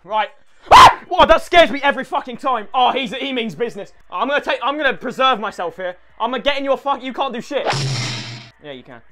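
A man giving loud, sweary, jokey gaming commentary as a YouTuber, often breaking into shouts. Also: very high voice, animated, fast talker, faint music behind.

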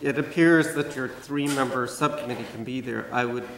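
A man on a school board objects at a public meeting in a firm, measured way. His voice is gravelly and full of fry. The room around him is echoey. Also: medium pitch, very noisy.

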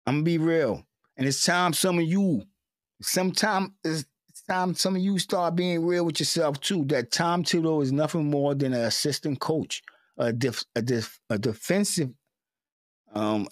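A man's voice: a little high, no echo, studio quality. A man giving an emotional, repetitive sports rant as a fan commentator, stammering at times.

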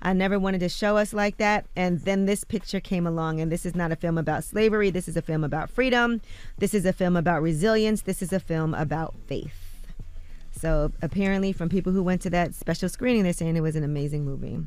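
A woman's voice: lowish voice, brisk, darkish tone, clean tone, dry recording. Woman reading radio rumor news. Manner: chatty, reads quotes aloud with loose fillers. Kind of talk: radio morning show news read. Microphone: studio microphone.

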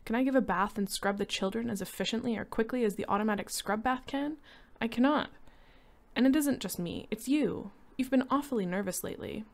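A woman voicing a frightened, tearful housewife, speaking high and tense in a story reading. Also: brisk, vocal fry. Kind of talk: reading a short story aloud.

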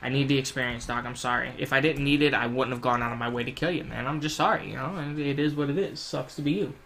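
A young man giving casual, rambling gameplay commentary at home, swearing freely and yelling in panic when things go wrong. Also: medium pitch, fairly even intonation, fast talker, vocal fry, slight background noise. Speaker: gaming YouTuber.

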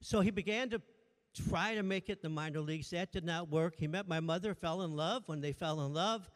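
A man's voice: on the high side, a little fast. A man preaching a sermon as pastor, joking playfully with the congregation. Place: church sanctuary. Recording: long church reverb.

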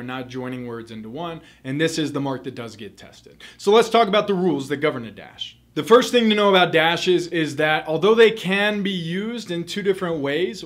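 A man's voice: fairly high pitch, a bit bright. A young man teaching a grammar lesson for test prep, methodical and repeating key points for emphasis.

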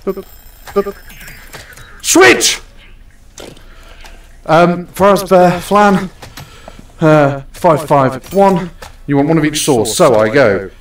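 Speaking slowly in a slightly high voice, a young gaming streamer chats casually and teasingly bosses the customers around. He's recorded from a distance, with a roomy echo, off the mic.

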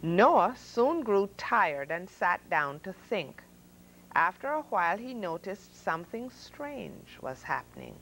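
A woman storyteller reading picture books to children, lingering over each phrase at a slow, unhurried pace. Her pitch rises and falls in a lively, animated way as she acts out the animal noises and builds each moment of the tale. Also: rough recording. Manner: expressive, sound effects and voices for animals. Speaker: storyteller host. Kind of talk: reading children's stories aloud.

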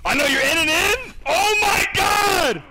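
A man commentating video game duels live on stream, excitable and profane, bantering with chat and yelling reactions. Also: extremely high pitch, measured pace, loud music behind the voice, a loud crowd, low-quality recording. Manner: excitable, swears a lot, yells at chat.

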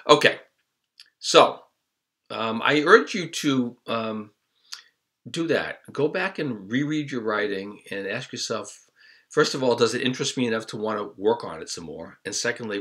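Bright-voiced man teaching young writers. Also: on the low side. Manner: relaxed, chatty, many ums. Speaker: children's author teaching writing. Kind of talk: friendly writing lesson for kids.

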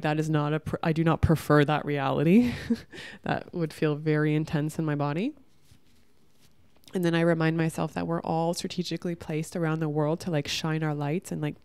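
A woman vlogger with a low, gravelly voice talks to her camera in a loose, rambling way, dropping "like" into almost every phrase. Her tone is dark and mellow, and her voice stays smooth and clear. The sound is dry and close. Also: dry recording. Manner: rambling, heavy use of "like"; reflective, candid. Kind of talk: casual spiritual monologue to camera.

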